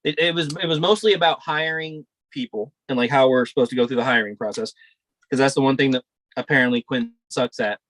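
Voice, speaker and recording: A man's voice: mid-range voice, brisk, a bit bright, no room sound. A young man co-hosting a podcast, telling a rambling, profane story in casual chat. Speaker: podcast co-host.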